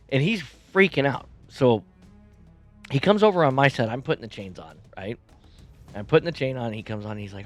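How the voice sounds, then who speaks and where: A man's voice: medium pitch, brisk, soft background music. Rambling man telling a story. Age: adult, has kids. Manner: rambling, animated retelling with repeated restarts. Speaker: podcast host. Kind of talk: casual storytelling monologue. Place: bedroom at home.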